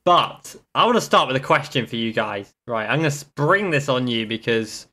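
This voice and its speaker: A man's voice: medium pitch, animated, normal speed, bright, forceful tone. A man hosting a casual motorsport podcast, rambling and tripping over his words. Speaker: podcast host.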